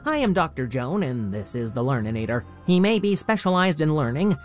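A man's voice: fairly high pitch, sing-song, fairly quick, soft background music. A man voicing a polite, nervous woman doctor who travels in time. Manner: polite, apologetic.

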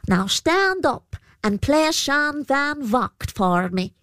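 A woman's voice: high voice, very animated, slow pace, fairly bright tone, no echo, pitched above the performer's own voice, heavily acted. A woman voicing a menacing horned male shape-shifting spirit in a storybook tale, snarling threats. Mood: commanding.

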